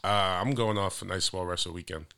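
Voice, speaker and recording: A man's voice: low-pitched, fairly even intonation, normal speed, sharp tone, smooth. A man co-hosting a podcast in casual chat, laid-back and teasing. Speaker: podcast co-host.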